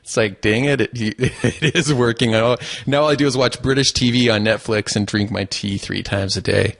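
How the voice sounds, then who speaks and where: A man co-hosting a podcast in casual chat, chatty and quick to laugh. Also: fairly low pitch, little pitch movement, gravelly, no echo, clean studio sound. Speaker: podcast co-host.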